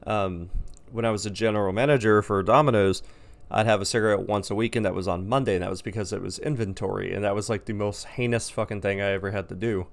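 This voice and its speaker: A young man ranting casually to camera as a vlogger, rambling, blunt and profane. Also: on the low side.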